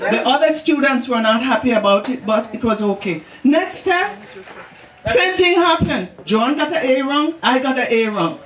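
A woman in her eighties with a Jamaican accent, giving an affectionate birthday speech and laughing through her words. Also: high-pitched. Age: 80s. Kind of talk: heartfelt party speech. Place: large echoey banquet hall. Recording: echoey hall, far mic, crowd noise.

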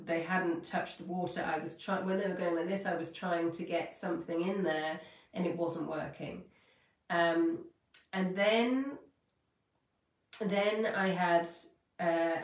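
A woman's voice: on the low side, reverberant, recorded from a distance. A woman hosting a spiritual podcast, telling a story in a heartfelt, rambling way and correcting herself as she goes. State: near tears. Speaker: podcast host. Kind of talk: spiritual coaching talk.

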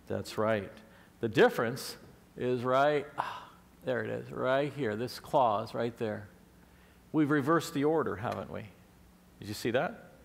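Male preacher, gravelly, explanatory teaching sermon, echoey sanctuary. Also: mid-range voice. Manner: explanatory, asks the congregation questions. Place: church sanctuary.

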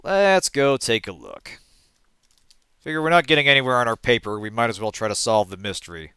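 Bright-voiced man narrating a text adventure. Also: mid-range voice, animated, a little fast, clean tone, no echo. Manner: thinks aloud, trails off and corrects himself. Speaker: let's play host. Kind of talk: casual game commentary, reading game text aloud.

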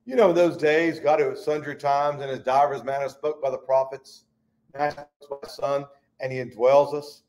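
A man leading a Bible study, preaching fervently in a folksy way and swinging between loud and hushed. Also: mid-range voice, fairly even intonation, moderate pace, slight background noise.

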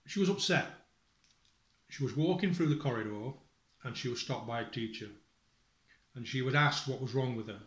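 With a medium-pitched voice, moderate pace and frequent pauses, a father talks to his family on camera in a reverberant space. Upset and emotional, he swears, accuses them in anger, leaves sentences unfinished and quotes aloud from a school report.

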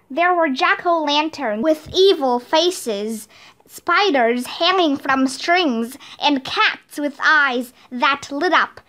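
A woman reading a children's chapter book aloud in an expressive, lively storybook read-aloud. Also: high voice.

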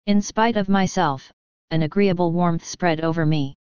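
A woman reads a novel aloud in a steady, even manner. Her voice is low and very clear, recorded close and dry. The sound is a bit dull and lo-fi. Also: normal speed, no echo. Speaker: audiobook narrator. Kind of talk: scripted narration.

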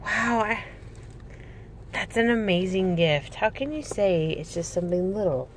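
A woman chatting casually and gushing excitedly while unboxing a gift, recorded on a handheld camera inside a car. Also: mid-range voice, unhurried, a little hiss or hum. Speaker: reborn doll vlogger. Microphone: handheld camera, no tripod.

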